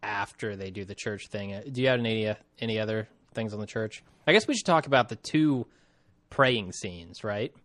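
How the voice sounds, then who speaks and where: A man's voice: on the low side, animated, normal speed, fairly bright tone, no echo. A man co-hosting a podcast in casual chat, easygoing and a little hesitant. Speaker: podcast co-host.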